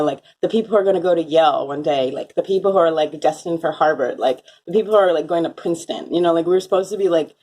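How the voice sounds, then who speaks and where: Young woman chatting to her phone, says like constantly, lowish voice, all over the place. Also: a little mellow. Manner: rambling, heavy "like" filler, laughing asides. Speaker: vlogger. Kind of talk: casual chat, recounting a dream.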